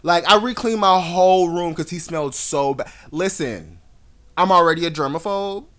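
A man's voice: a little high, moderate pace, fairly bright tone. A man co-hosting a podcast, telling a story dramatically and acting out the quotes in casual chat. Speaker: podcast co-host.

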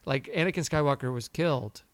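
A man co-hosting a podcast, telling a story in a lively way and acting out the people he quotes. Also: medium pitch, fairly quick, no echo. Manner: animated storyteller, acts out quotes. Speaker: podcast co-host. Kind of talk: casual chat.

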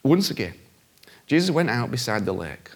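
A man preaching a sermon in a conversational, animated way, acting out voices with big jumps in pitch. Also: moderate pace.

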